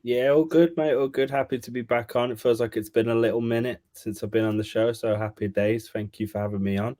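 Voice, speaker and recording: A man's voice: medium pitch, steady tone, fairly quick, warm tone, no room sound. A man with a Birmingham accent, an upbeat guest on a casual chat show, laughing often. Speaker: guest content creator.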